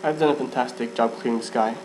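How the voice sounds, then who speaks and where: A man with a middle-pitched voice reads a first-person fan story aloud. He often trips over words and restarts lines. A faint background hum sits under his voice. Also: fast. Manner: stumbles and restarts, laughs at himself. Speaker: fan fiction reader.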